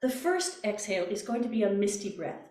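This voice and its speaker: A woman voice coach with a Canadian accent, calmly guiding breathing exercises step by step and demonstrating the breaths. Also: mid-range voice, brisk, distant mic. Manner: calm, gentle, step-by-step guidance with demonstrated breaths. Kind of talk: guided breathing workshop instruction. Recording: roomy echo, voice from off mic.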